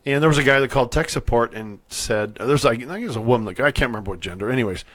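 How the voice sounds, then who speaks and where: A man's voice: medium pitch, rapid-fire, dry recording. Male co-host, rambling casual talker, dry close sound. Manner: relaxed, rambling, many restarts. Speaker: podcast co-host. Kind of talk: casual chat.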